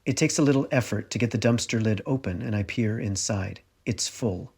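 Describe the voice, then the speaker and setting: A man's voice: lowish voice, brisk, gravelly, a little mellow, breathy edge. A middle-aged man reading his own memoir aloud in a wry, confessional first-person telling. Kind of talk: audiobook narration.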